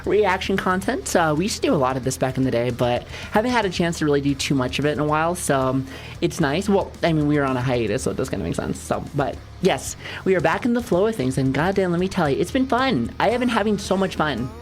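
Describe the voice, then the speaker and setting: A young woman streamer talks casually and playfully to her chat, joking and swearing as she goes. Her voice sits low for a woman. Faint music plays softly behind her. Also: big pitch swings, fast.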